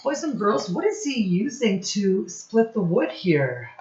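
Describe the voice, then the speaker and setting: A woman with a medium-pitched, darkish voice and big pitch swings reads a picture book aloud to young children, a little slowly, in an echoey room with the highs cut off. She acts out the sound words in a sing-song, teacherly style, asking the kids questions and praising them.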